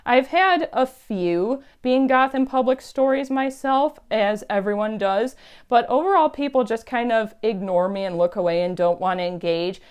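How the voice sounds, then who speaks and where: Smooth-voiced woman chatting on her vlog. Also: mid-range voice. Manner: chatty, animated, emphatic. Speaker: YouTube vlogger. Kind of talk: casual storytelling vlog.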